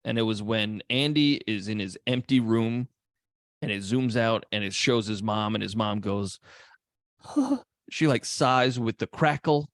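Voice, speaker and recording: A man co-hosting a casual movie podcast, animated and profane, acting out characters' lines as he talks. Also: lowish voice, unhurried, dry recording, clean studio sound. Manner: animated, swears a lot, acts out characters' lines. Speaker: podcast co-host.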